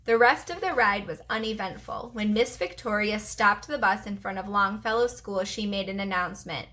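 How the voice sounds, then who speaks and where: A woman teacher reading a children's chapter book aloud to her preschool class, with expressive storytelling. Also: mid-range voice, moderate pace, few pauses.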